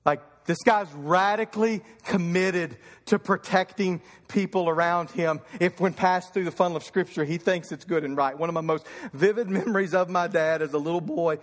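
A man's voice: high-pitched, moderate pace, hardly any pauses, in a large hall. A man in his thirties from Kentucky preaching a fervent sermon, telling stories from the pulpit. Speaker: pastor.

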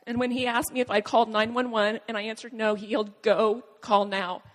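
A woman telling a personal testimony in an earnest, halting way, with dramatic pauses. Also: fairly high pitch, level tone, in a large hall. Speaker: speaker sharing a personal testimony. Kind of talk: emotional spoken testimony.

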